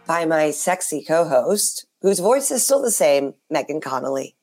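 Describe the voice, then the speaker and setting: A woman in her thirties, hoarse and raspy from being sick, co-hosting a casual chat podcast with animated swings in her voice. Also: unhurried, soft background music. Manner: animated, swings up high when fired up. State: hoarse from a cold. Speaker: podcast co-host.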